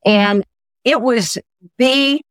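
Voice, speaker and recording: A woman in her sixties from the United States, a podcast guest who is a little teary, telling her story in a lively, effusive way. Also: fairly high pitch, very slow, no room sound. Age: 60s. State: teary, weepy. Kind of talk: conversational storytelling.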